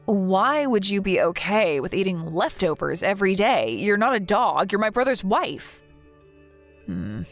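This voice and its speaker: A mid-pitched woman speaks earnestly and indignantly, protective in tone, in a text-story video. Faint music plays under the voice.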